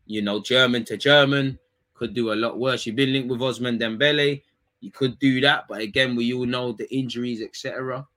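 A young man, chatting casually on a live stream, reading comments and teasing his chat in quick, slangy talk. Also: medium pitch, fairly even intonation, sharp tone. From England.

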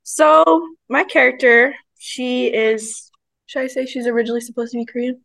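A woman's voice: sits high, steady tone, normal speed, creaky, fairly bright tone, no room sound. A teenage girl, a student actor, talking shyly and hesitantly with giggles in an interview. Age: teens. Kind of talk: casual interview.

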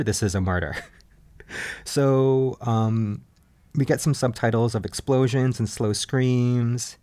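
A man's voice: medium pitch, darkish tone. A man hosting a podcast, recapping a reality show in casual, gossipy chat and laughing often. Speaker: podcast host.

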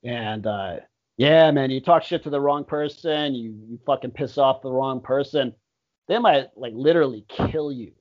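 A man's voice: medium pitch, moderate pace. A young man chatting casually on a podcast, laid-back and swearing a lot. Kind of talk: casual chat. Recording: dull lo-fi audio.

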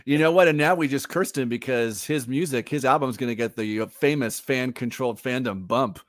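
A podcast co-host chats casually in a mid-range voice at a fairly quick pace, animated and laughing often as he tells lively stories. The sound is clean and studio-quality, with no room sound.

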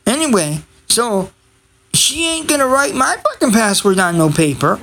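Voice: mid-range voice, big pitch swings, normal speed. A podcast host in a casual, rambling monologue, profane and sarcastic. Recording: loud background noise and crowd chatter.

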